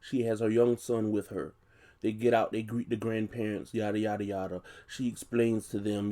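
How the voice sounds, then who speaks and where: A man's voice: fairly low pitch, flat delivery, normal speed, mellow. A man casually retelling a film's plot as a reviewer, chatty and loose, with frequent conversational asides. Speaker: movie reviewer. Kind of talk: casual movie plot recap.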